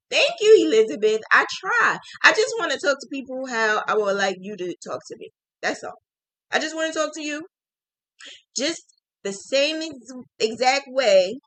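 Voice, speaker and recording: A woman hosting a casual live stream, warmly thanking viewers in quick, emotional, laughing bursts. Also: mid-range voice, no echo. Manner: gushing, effusive thanks to viewers. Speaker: host of a crochet business livestream.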